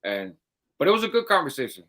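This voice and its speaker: Bright-voiced laid-back man podcaster. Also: on the high side, wildly swooping pitch, fast talker. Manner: laid-back, chuckling, loose rambling speech. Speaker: podcast co-host. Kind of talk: casual live podcast chat.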